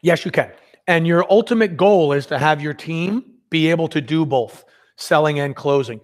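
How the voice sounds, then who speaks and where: A man leading a live sales workshop, talking in an energetic, conversational way and acting out sales dialogues. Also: fairly high pitch, moderate pace.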